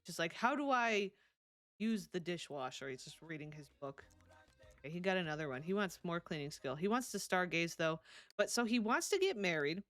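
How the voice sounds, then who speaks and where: A woman with a somewhat low voice chats casually through a live game stream. She laughs often and talks straight back to her viewers' messages. Soft music plays quietly behind her. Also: animated, brisk, dry recording. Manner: chatty, laughs often, answers chat messages. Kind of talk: casual live-stream chat while playing.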